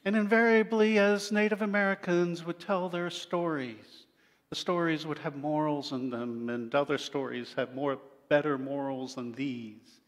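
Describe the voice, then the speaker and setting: Slow-spoken pastor telling a story. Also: male voice, a little high. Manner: animated storyteller, acting out the animals. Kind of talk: sermon storytelling. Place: church sanctuary. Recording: long church-hall reverb.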